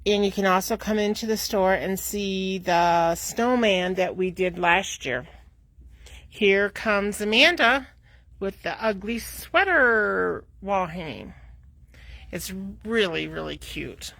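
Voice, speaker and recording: A woman co-hosting a sewing store's live video, calmly showing and describing quilt projects. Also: mid-range voice, gravelly, no room sound. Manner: slow, friendly, describes projects. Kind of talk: casual show-and-tell.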